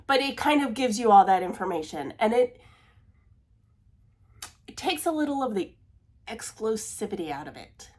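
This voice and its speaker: A woman's voice: a little high, very animated, moderate pace, pauses often, darkish tone. A woman chatting casually in a cross-stitch vlog, laughing at herself, apologizing often, and dropping to a near-whisper when she fumbles. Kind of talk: casual chat.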